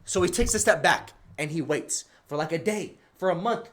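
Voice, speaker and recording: A man's voice: fairly high pitch, moderate pace. A young man livestreaming, giving casual slang-heavy advice to his chat and telling stories. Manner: slangy, animated, storytelling with asides.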